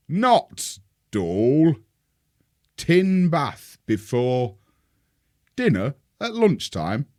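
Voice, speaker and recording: Posh actor, put-on northern English accent, mock-solemn recital, slow, lively pitch. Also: male voice. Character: posh male actor reading a poem in a fake northern accent.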